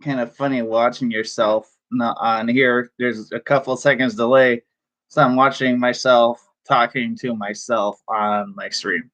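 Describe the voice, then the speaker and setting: A man chatting casually on a live stream from his room, excitable and chatty, laughing often. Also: mid-range voice, a little slow. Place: home room.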